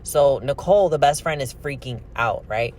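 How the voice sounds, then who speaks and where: A man casually narrating a true crime story with an opinionated, animated delivery while he opens trading cards. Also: mid-range voice, normal speed, slight background noise. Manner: chatty, opinionated, animated retelling. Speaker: card-opening vlogger telling a true crime story.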